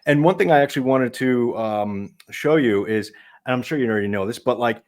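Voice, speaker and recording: A man appearing as a guest on a talk show, arguing in an animated way and swinging between loud and soft. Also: medium pitch, brisk. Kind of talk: casual talk show conversation.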